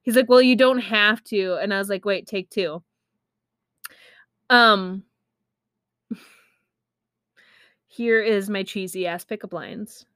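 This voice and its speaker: Young woman streamer, candid and chatty, clear voice, dry room. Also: mid-range voice, slow, pauses often, a bit bright, no echo. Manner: chatty, candid, laughs at herself, lots of "like". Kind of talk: casual storytime.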